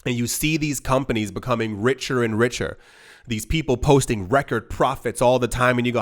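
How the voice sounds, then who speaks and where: A man's voice: mid-range voice, fairly quick. A man hosting an investing channel, talking straight to camera in an emphatic, pleading way, with many restarts as he rambles. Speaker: crypto investing channel host. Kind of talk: casual direct-to-camera monologue.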